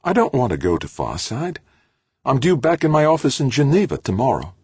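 A man voicing a proud woman executive, raising his deep voice high and sharp when she protests. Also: very animated, a little fast, breathy edge, no room sound. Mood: alarmed. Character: proud, indignant woman executive, middle-aged.

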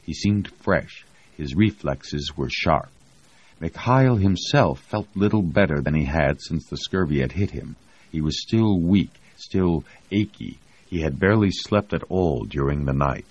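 A male audiobook narrator with a very deep, husky voice who tells the story steadily and evenly. The recording is muffled and lo-fi. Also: lively intonation, unhurried, darkish tone. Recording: dull lo-fi audio.

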